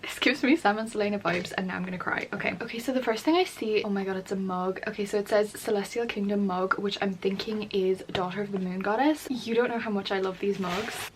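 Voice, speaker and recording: A young woman chatting casually on her book vlog while unboxing, gushing and excitable, full of fillers. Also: mid-range voice, brisk, few pauses, background noise. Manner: gushing and excitable, lots of "like" and "oh my god". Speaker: book vlogger.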